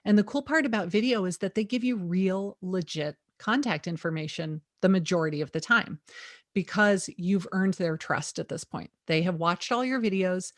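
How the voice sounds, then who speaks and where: Lively, emphatic middle-aged woman. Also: medium pitch, normal speed, no room sound, clean studio sound. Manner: lively, emphatic, with sarcastic asides. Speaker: real estate agent, interview guest. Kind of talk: energetic interview talk.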